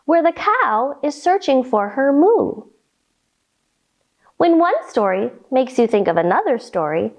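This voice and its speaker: A woman reading a children's story aloud and guiding kids through yoga poses, encouraging and sing-song. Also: sits high.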